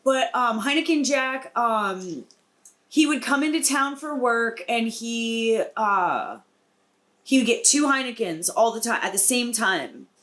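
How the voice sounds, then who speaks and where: A young woman with a somewhat high voice chats on a podcast. She rambles casually, fills gaps with um and uh, and sounds relaxed. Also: unhurried. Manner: chatty, reminiscing, many fillers like um. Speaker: podcast co-host, dancer. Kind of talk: casual chat.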